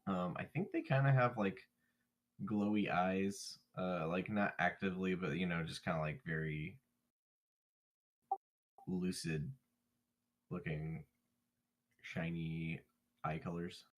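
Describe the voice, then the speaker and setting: Hesitant low-voiced man playing a tabletop game. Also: slow pace, long pauses, lo-fi sound. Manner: hesitant, filler-heavy, deadpan jokes. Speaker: player. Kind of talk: casual tabletop play.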